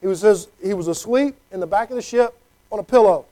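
Man, middle-aged, pastor, sermon, high voice, warm tone, chatty "okay?" asides. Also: fast talker, poor audio. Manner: conversational preaching with frequent "okay?" check-ins.

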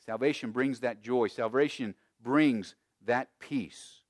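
A man preaching a sermon as pastor, emphatic, with big swings between loud and quiet and frequent restarts. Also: mid-range voice, takes it slowly, no echo, studio quality. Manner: frequent repeated words and restarts.

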